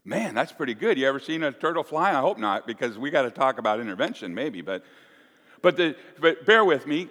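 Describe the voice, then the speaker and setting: Man, pastor, animated folksy sermon, long church reverb. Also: medium pitch, a little fast. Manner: animated, folksy, with playful asides. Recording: echoey church hall.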